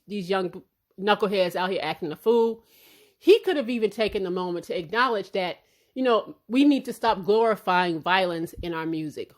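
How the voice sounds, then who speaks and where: A woman hosting celebrity gossip commentary in a blunt, animated way, swearing freely. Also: mid-range voice. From Chicago.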